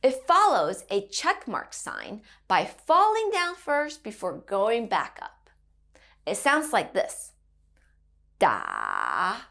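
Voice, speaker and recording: Animated, slow-paced woman teaching kids. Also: on the high side. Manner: gentle, encouraging, sing-song modelling of tones. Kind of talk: children's language lesson.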